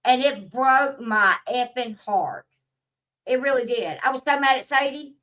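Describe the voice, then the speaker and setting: Bright-voiced, profane woman vlogger. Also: sits high, expressive, unhurried, distant mic. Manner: profane, blunt, rambling. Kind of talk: casual rant to camera.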